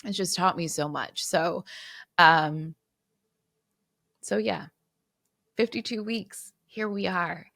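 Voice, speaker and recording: A woman's voice: fairly low pitch, slow, long pauses, a bit bright, no echo, studio quality. A woman hosting her podcast solo, reflecting earnestly and fighting back tears, with restarts and repeated words. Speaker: podcast host.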